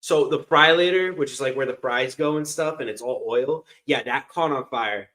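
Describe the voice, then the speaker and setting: A man's voice: mid-range voice, normal speed, a bit bright, poor audio. A man joining a casual livestream, telling an anecdote in a wry, offhand and guarded way.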